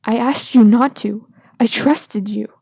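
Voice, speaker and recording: A woman's voice: on the high side, normal speed, gravelly, warm tone, slightly rough, dry recording. Woman reading as an upset young man. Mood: angry. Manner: raised, heated delivery. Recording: slightly dull lo-fi recording.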